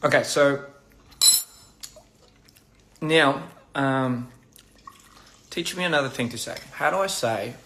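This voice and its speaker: A man casually chatting on a phone livestream over a meal, halting and repeating words and laughing at his own slips. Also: mid-range voice, noisy background. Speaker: livestream host. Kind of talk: casual livestream chat while eating. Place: indoors at a meal table.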